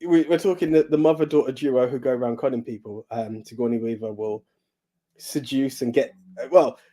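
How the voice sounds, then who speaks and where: A man's voice: mid-range voice, moderate pace. A man whose first language is Russian, co-hosting a podcast and chatting loosely about movies with many restarts. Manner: lively, rambling, restarts often, laughs a lot. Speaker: podcast co-host. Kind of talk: casual movie chat.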